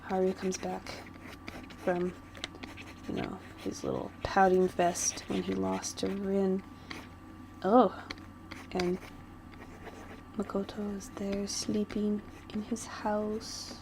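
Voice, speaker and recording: A woman's voice: medium pitch, little pitch movement, takes it slowly, gravelly, long pauses, background noise. A woman vlogger chatting casually while she doodles, rambling and giggling like a gushing fan.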